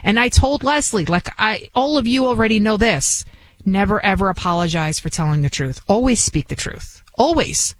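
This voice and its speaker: A woman's voice: mid-range voice, lively intonation, normal speed, no room sound, poor audio. Bronx-accent woman filling in on talk radio, rambly and emphatic, lots of restarts. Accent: New York, Bronx. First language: not English. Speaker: guest radio host. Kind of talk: conversational talk radio monologue.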